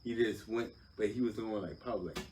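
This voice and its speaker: Profane, storytelling man, low voice. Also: fast, distant mic, a little hiss or hum. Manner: animated, profane, acts out other voices. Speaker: podcast guest, older brother. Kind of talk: casual storytelling.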